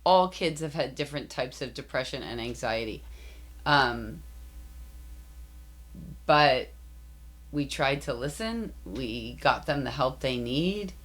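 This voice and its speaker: A woman's voice: a bass voice, lively intonation, slow, pauses often, fairly bright tone. A woman in her fifties, a podcast guest, telling candid parenting stories in casual chat. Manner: candid storytelling, acts out quoted dialogue.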